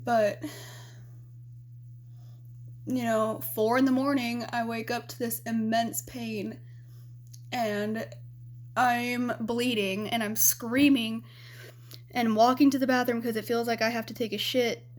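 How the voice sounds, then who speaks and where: A woman's voice: on the high side, level tone, slow pace, long pauses. A young adult woman vlogging, telling a personal story in a candid, rambling way with lots of fillers.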